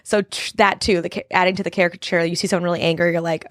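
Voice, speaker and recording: A young adult woman from the Boston area, a stand-up comedian guest on a podcast, chatting agreeably with quick asides. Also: lowish voice, level tone, a bit bright, no echo, clean studio sound. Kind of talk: casual chat.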